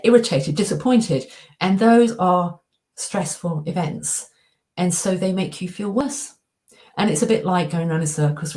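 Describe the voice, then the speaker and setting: A woman's voice: fairly low pitch, a little mellow. A middle-aged woman, giving a coaching presentation with slides and acting out her inner dialogue as she tells a story. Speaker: anxiety coach and speaker.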